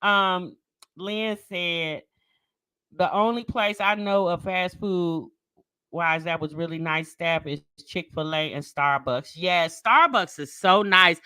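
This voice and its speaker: A middle-aged woman, chatting casually on a live stream and telling stories, animated and laughing often. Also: lowish voice, slow, clear, resonant tone, no echo. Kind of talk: casual live chat storytelling.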